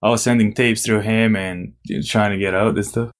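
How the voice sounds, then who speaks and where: A young man from Serbia with a Serbian accent, casually telling stories as a podcast guest, animated and swearing now and then. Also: fairly low pitch, a little fast. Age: young adult. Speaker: podcast guest, former college basketball player. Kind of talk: casual storytelling interview.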